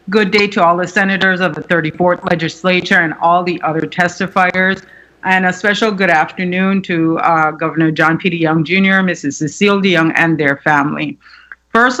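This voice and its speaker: A woman testifies before a legislative committee, her voice bright and clear. She speaks earnestly and plainly, with the occasional wry aside. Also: on the low side. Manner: earnest, outspoken, with light asides. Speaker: testifier, former island administrator.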